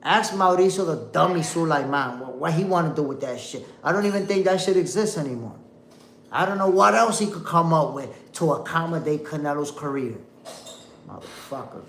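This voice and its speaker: A man's voice: fairly high pitch, animated, moderate pace, fairly bright tone, a little hiss or hum. A young man hosting a boxing livestream, ranting heatedly and cursing, calling his viewers "my peoples". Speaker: boxing show host. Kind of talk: casual livestream commentary.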